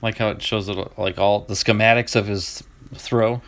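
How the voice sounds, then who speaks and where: Middle-aged man, Southern US accent, relaxed chat as a card-breaking streamer, restarts a lot and laughs along. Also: lowish voice, moderate pace. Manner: chatty, laughs easily, restarts and trails off. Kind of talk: casual chat.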